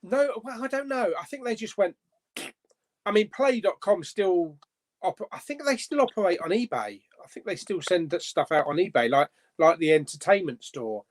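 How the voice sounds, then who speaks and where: A man's voice: high-pitched, expressive, normal speed. A man hosting a casual live-stream chat, bantering and swearing casually. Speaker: host.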